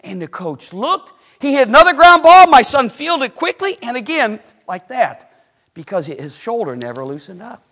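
Middle-aged male pastor with a high voice, animated sermon storyteller, loud to hushed. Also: normal speed. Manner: asks the congregation questions.

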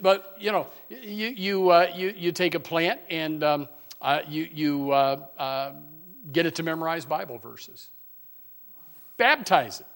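A pastor preaching a sermon in a church, folksy and joking, with many fillers and restarts, moving between quiet asides and loud emphatic preaching. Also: male voice, a little high.

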